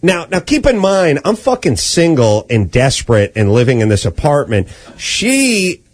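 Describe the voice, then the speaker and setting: A man's voice: fairly high pitch, huge pitch swings, moderate pace. A middle-aged man hosting a podcast, telling a casual story in a wry, profane way and acting out the voices of the people in it. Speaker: podcast host.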